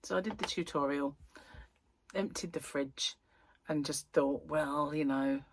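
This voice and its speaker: A woman chatting casually to her viewers from home, a bit croaky and tired, rambling and correcting herself as she goes. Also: low-pitched, a little slow, no echo. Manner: rambling, chatty, self-interrupting. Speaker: crochet vlogger. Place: at home, indoors.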